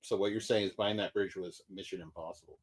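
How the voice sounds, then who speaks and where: A man's voice: deep voice, steady tone, fast, husky, rough recording. A man co-hosting a podcast in casual chat, adding wry quips and short agreements. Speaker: podcast co-host.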